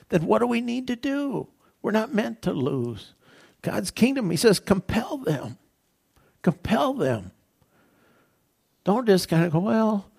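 A man's voice: sits high, gravelly, darkish tone, slightly rough. A middle-aged male pastor preaching a sermon in a conversational way, full of "you know" fillers, and turning urgent with emphatic repetition.

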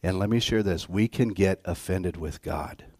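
A man preaching a sermon as a guest pastor, telling stories and swinging from quiet asides to loud outbursts. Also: low-pitched, normal speed, dry recording, studio quality. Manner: animated storytelling, swings from soft to loud.

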